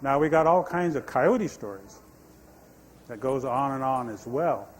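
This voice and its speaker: A man's voice: medium pitch, unhurried, poor audio. Man telling legends at a stage microphone. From Nez Perce homeland, US Pacific Northwest. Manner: relaxed, conversational, asides to listeners. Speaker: tribal storyteller. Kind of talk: oral storytelling.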